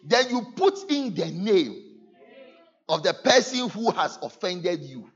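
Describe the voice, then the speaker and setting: A man preaching a sermon to his church, earnest, moving between loud emphasis and soft asides. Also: sits high, very animated, takes it slowly, husky, muffled recording. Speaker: pastor. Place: church service.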